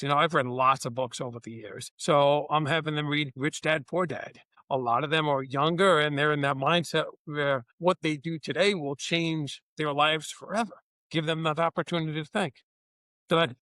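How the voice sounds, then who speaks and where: This fairly high-pitched man runs a business and shares anecdotes from work during a podcast interview. He's animated, voicing the dialogue of each story himself, and the recording carries no echo.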